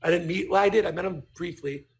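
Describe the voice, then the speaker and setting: A man, a podcast guest telling a story in casual chat, animated and swearing as he acts out what people said. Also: high-pitched, quick pace.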